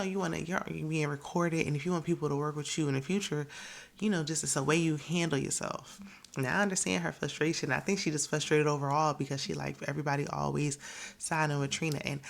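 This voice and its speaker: A woman's voice: low-pitched, vocal fry. A woman casually recapping a reality show in an opinionated, chatty way, often laughing and quoting the cast.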